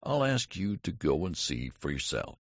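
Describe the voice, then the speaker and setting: A man's voice: sits low, big pitch swings, moderate pace, slightly rough, no room sound, lo-fi sound, heavily acted. A man voicing a stern, irritated old family doctor who speaks curtly and sharply. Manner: curt, sharp, cutting.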